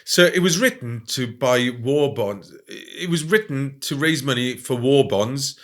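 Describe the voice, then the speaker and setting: A man telling stories in a casual interview, animated and often adding "right?". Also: mid-range voice, a little slow. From Wales. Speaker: guest.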